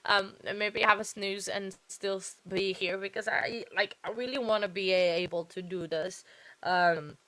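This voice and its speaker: In a steady, fairly bright voice of medium pitch, a woman talks at normal speed with no echo. Tired and yawning, she hosts a late-night livestream following a true-crime trial, offering loose, rambling live commentary packed with fillers and self-corrections.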